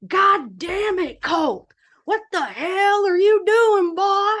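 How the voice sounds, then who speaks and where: A woman voicing an angry small-town sheriff yelling at his son. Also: extremely high pitch, animated, slow, voice pushed up, heavily acted. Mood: furious. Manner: yelling, cursing.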